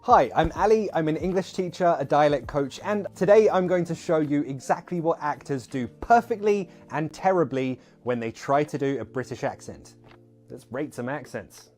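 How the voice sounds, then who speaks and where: A dialect coach presents in a mid-pitched voice and explains each point clearly. The delivery is even and unhurried, and music plays faintly underneath. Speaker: English teacher and dialect coach. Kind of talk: online video presenting.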